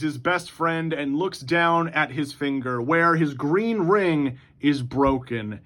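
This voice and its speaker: A man hosting his own channel, recapping an imagined story in a casual, excitable, profane way, rushing through in bursts. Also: on the high side. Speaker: YouTube host.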